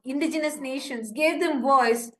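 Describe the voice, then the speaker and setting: A woman's voice: high-pitched, moderate pace, a bit bright, a little hiss or hum. A woman presenting an urgent live-streamed appeal, impassioned, pleading and indignant.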